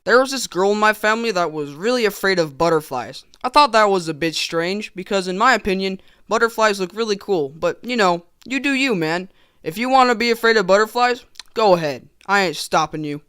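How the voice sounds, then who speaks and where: Young man, teens, comedic storytime narration, sarcastic, animated, crisp, dry. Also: high-pitched, brisk, no room sound. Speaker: vlogger.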